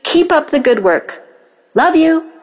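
A woman leaves a slow, playful voicemail, telling a pun joke and poking fun at it. Her voice sits a little high. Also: big pitch swings. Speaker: caller.

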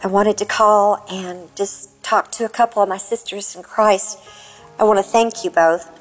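A woman from Kentucky calling in to a prayer line, speaking in a tearful, heartfelt way with many pauses and fillers. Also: mid-range voice, fairly even intonation, faint music behind, low-quality recording. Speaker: caller. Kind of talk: emotional phoned-in message.

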